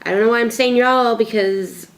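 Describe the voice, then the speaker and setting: A woman's voice: a little high, moderate pace, gravelly. Young woman vlogger, chatty and rambling, talking to camera at home. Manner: chatty, rambling with fillers and asides. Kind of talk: casual tag video chat. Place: home alone.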